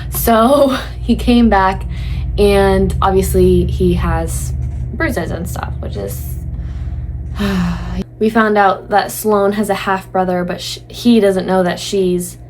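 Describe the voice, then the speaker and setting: A young woman chatting excitedly and casually in a reading vlog. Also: medium pitch, slow pace, slight background noise. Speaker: book vlogger. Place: indoors at home.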